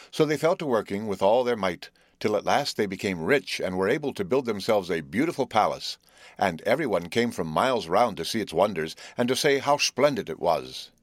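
A man reading a fairy tale aloud as scripted narration, measured and even, lifting his voice a little for the characters. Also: dry recording, studio quality. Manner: measured, gently lifts pitch for quoted characters. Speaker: audiobook reader.

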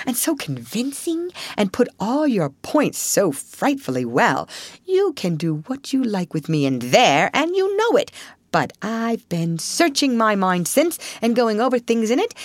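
A woman's voice: a little high, dry recording, pitched above the performer's own voice. A woman voicing giddy defiant Toad. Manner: emphatic, defiant, gushing. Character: boastful reckless male toad, sulky and giddy.

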